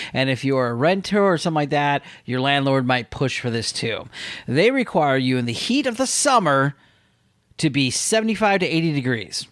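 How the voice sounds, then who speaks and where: A man's voice: medium pitch, no echo, clean studio sound. A man hosting a casual podcast, joking and swearing freely as he reads out odd news stories. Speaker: podcast host.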